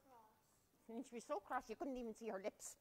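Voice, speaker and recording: A woman's voice: on the high side, moderate pace. A woman reading a story aloud to children in a library, asking them to join in. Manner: animated, asks children to join in. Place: library room.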